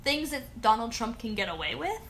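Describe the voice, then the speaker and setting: A woman co-hosting a casual chat podcast, playful and joking with quick asides. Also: a little high, big pitch swings, a bit bright, slight background noise. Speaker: podcast co-host. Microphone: home audio equipment.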